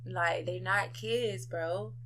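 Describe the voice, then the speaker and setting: A woman with a bright, lower-pitched voice talks her way through her views in a relaxed podcast chat. She is reflective and emphatic and keeps asking whether her listener follows her. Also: takes it slowly, slight background noise. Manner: reflective and emphatic, often asks "you know what I'm saying". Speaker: podcast co-host. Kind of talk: casual unedited conversation.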